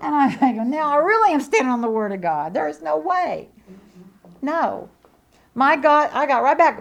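Animated woman preaching. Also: high-pitched, brisk. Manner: animated, emphatic, swings between loud declarations and hushed asides. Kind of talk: sermon testimony.

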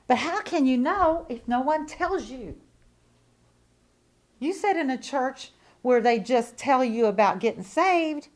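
Emphatic, fairly high-voiced woman preaching a sermon. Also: animated, measured pace. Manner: emphatic, repetitive, swinging between loud declarations and quiet asides; conversational and folksy, with restarts and rhetorical questions.

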